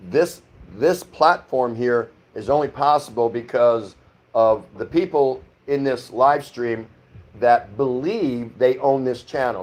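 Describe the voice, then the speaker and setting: A man's voice: medium pitch, darkish tone. A middle-aged man from the United States hosting a casual livestream from his home, rambling as he reads viewer comments aloud and chats back. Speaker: livestream host. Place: home in the Philippines.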